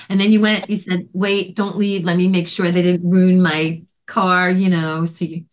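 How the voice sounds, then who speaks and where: A woman's voice: mid-range voice, normal speed, few pauses. A woman podcast host in casual chat, telling a story with animation and acting out the voices of others. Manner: animated, acts out quoted voices.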